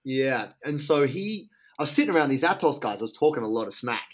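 An excitable Australian man telling a story in casual, slangy talk. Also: medium pitch, brisk.

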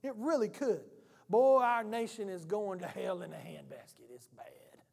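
High-voiced pastor preaching with humor. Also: male voice, normal speed, gravelly. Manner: animated, humorous, conversational preaching. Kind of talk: sermon. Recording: reverberant church hall.

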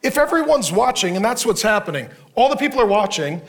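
Male pastor, high-ish voice, sermon delivery with a sarcastic comic streak. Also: sing-song. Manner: humorous, sarcastic preaching with quick asides.

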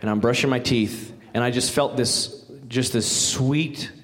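Male guest pastor, mid-pitched, chatty folksy sermon with light jokes. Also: steady tone, a little slow, fairly bright tone. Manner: folksy, conversational, joking asides. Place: church sanctuary.

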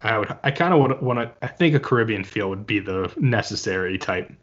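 A man's voice: fairly low pitch, expressive, fairly quick, dull audio. A man co-hosting a casual podcast chat, playfully spinning wild hypotheticals. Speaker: podcast co-host.

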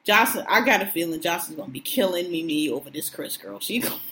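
A woman co-hosting a casual show chat, animated, slangy and profane, often breaking into laughs. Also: fairly low pitch, quick pace, a little hiss or hum. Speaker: podcast co-host. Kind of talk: casual chat recapping TV shows.

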